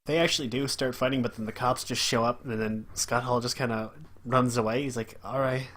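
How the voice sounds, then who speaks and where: Young male co-host, animated recapper, swears and does quick impressions. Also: medium pitch. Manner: animated retelling, swearing, imitating wrestlers. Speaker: podcast co-host. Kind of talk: casual chat.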